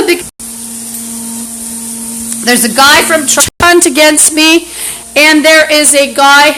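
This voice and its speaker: Woman, high voice, agitated rambling livestream monologue, phone mic at home, faint fan hum behind. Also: sharp tone, low-quality recording. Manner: agitated, rambling, with frequent restarts. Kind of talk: rambling live-stream monologue. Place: apartment indoors. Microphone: phone camera app. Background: fan and running water.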